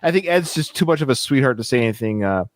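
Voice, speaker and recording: A man hosting a casual film-review podcast, animated and fond of acting out quotes in a mocking voice. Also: medium pitch, fast talker, no room sound, studio quality. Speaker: podcast host.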